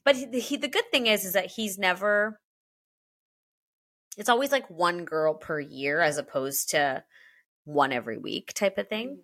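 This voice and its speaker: A woman's voice: lowish voice, animated, a little slow, a bit bright. A woman in her thirties, a podcast co-host, chatting candidly and emotionally and swearing freely. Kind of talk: casual chat.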